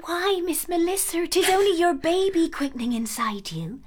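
A woman playing a kindly, timid housemaid who speaks gently and deferentially. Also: extremely high pitch, big pitch swings, moderate pace.

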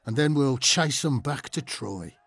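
A man's voice: medium pitch, animated, a little slow, gravelly, fairly bright tone, husky, no room sound, heavily acted. A man playing a pleading Brummie Patroclus. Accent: Birmingham. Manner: earnest, pleading, reproachful. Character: loyal pleading Greek warrior, young man. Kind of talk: radio drama acting.

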